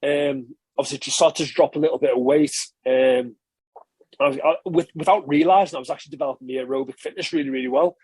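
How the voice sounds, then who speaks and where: A fast, chatty man in his thirties tells stories from his rugby days, his voice slightly husky and pitched a touch high for a man. He wanders through memories with fillers and restarts, sounding close to the mic in a dry, dead room. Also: a little mellow, no echo. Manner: chatty, rambling recollection, frequent filler and self-correction. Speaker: former professional rugby player, podcast guest. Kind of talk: relaxed interview storytelling.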